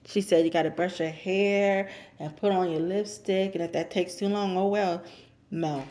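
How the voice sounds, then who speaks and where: A woman casually recapping a reality show episode, chatty and repeating herself for emphasis, and she steers clear of cursing. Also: on the low side, steady tone, normal speed, mellow. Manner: avoids cursing.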